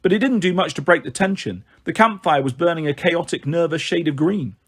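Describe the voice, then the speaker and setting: Husky man reading a storybook aloud. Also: fairly high pitch, a little fast, a bit bright. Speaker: audiobook reader. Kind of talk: storybook narration with light character voices.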